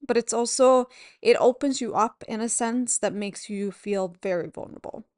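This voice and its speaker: A woman hosting a podcast as a yoga teacher, talking in a gentle, candid and reassuring way at home. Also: a little high, normal speed, dry recording, clean studio sound. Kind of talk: reflective solo podcast talk. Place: at home at a table.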